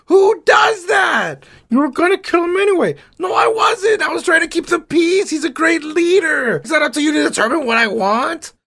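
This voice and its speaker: A podcast co-host voicing a furious male Roman general who shouts and swears in disbelief, played for laughs. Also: lively intonation, moderate pace, gravelly, few pauses, heavily acted. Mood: outraged. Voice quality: high, yelling, incredulous, swearing. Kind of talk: comedic skit voice.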